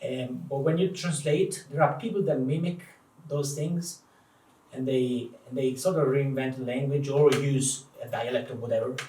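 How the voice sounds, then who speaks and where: A man's voice: medium pitch, normal speed. Italian-accented man, distant in an echoey room. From Italy. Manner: thoughtful, animated, many restarts. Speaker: guest translator. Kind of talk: live public conversation. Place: event room before an audience. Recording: echoey room, distant mic, faint noise.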